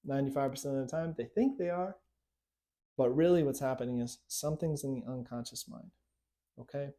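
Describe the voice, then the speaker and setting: A man's voice: mid-range voice, fairly quick, warm tone. A man, a hypnotist and coach, giving a conversational lesson to camera and checking in often with "right?" and "okay?". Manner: conversational, repeating tag questions like right and okay. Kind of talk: instructional talk to camera.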